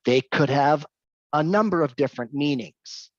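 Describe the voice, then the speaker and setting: A woman giving an English-teaching talk, telling a story with animated delivery and repeating her key points. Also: sits low, moderate pace, no echo, dull audio. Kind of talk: lecture with anecdote.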